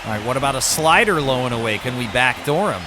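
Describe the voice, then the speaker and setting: A man's voice: mid-range voice, animated, quick pace, noisy background. A man commentating his own video game baseball season, switching between broadcaster-style calls and muttered asides. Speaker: gaming YouTuber.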